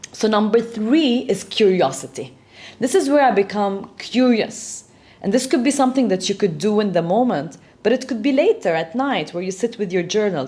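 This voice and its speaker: A woman's voice: medium pitch, a little mellow. Earnest woman coaching on self-help. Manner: earnest, coaching, frequent checking "right?". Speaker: host. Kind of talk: self-help talk to camera.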